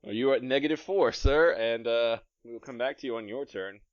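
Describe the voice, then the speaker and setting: A man running a tabletop game as game master, playful and narrating combat with quick asides. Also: medium pitch, clean tone, no room sound. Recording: dry, slightly dull podcast mic.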